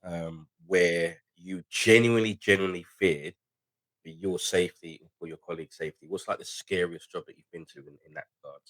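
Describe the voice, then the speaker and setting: A man's voice: deep voice, fairly even intonation, fairly quick, a bit bright, no room sound, low-quality recording. A man hosting a podcast, asking questions hesitantly and repeating words. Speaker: podcast host. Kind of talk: interview questions.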